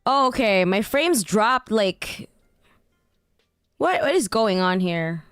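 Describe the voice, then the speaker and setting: A woman's voice: medium pitch, sing-song, slow, clear, resonant tone, no room sound, studio quality, faint music behind. A woman streamer chatting casually with her viewers, slightly nasal today, laughing often and trailing off with fillers. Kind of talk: casual livestream chat.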